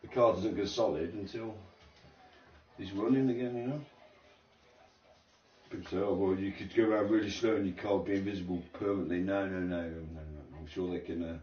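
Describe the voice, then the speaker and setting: A man's voice: deep voice, steady tone, brisk, distant mic. A middle-aged man, chatting casually and rambling in slang and swearing while streaming a racing game. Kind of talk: casual chat while gaming. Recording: roomy, dull home mic.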